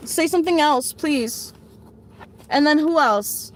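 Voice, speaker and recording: A woman's voice: high-pitched, slow, pauses often. Blunt, foul-mouthed woman in her late twenties. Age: late 20s. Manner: blunt, heavy swearing, talks back to chat. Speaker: livestreamer giving card readings. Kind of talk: casual live-stream chat.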